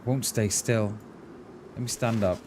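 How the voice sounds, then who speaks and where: A man's voice: lowish voice, fairly even intonation, unhurried, darkish tone, a little hiss or hum. A man from Mid Wales with a light Mid Welsh accent, chatting casually as a live streamer while he plays, musing aloud and answering viewers as "mate". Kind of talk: casual gaming commentary.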